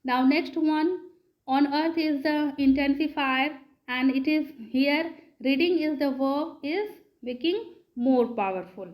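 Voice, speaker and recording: A woman teaching a grammar lesson, who talks slowly, repeats words and keeps asking her students questions. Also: high-pitched, darkish tone, rough recording. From India. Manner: slow, repeats words and asks the class questions. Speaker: English teacher.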